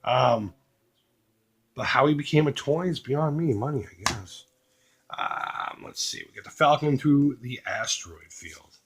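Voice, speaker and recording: A man casually showing off a box of collectibles, joking crudely and doing quick mocking voices for the pictures. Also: mid-range voice, lively intonation, slight background noise. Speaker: retro collecting YouTuber. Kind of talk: casual unboxing commentary.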